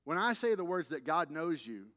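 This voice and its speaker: A man's voice: fairly high pitch, sing-song, moderate pace, fairly bright tone. A man preaching a sermon as pastor, in a conversational style with playful repetition. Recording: long reverb of a large hall.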